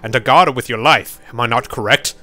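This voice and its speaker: A man voicing a sly old king in a deep, slow, mock-solemn voice with a slight put-on British accent. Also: pushed and bright, soft background music, lightly acted.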